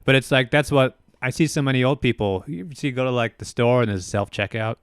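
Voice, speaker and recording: A man's voice: mid-range voice, fairly quick, clear, resonant tone, no echo, studio quality. A man co-hosting a podcast, rambling with many fillers and blunt, crude remarks. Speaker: podcast co-host. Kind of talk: casual podcast chat.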